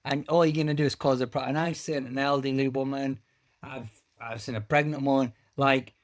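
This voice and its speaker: A man's voice: medium pitch, fairly even intonation, fairly quick. A man co-hosting a podcast, complaining emphatically in casual chat. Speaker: podcast co-host.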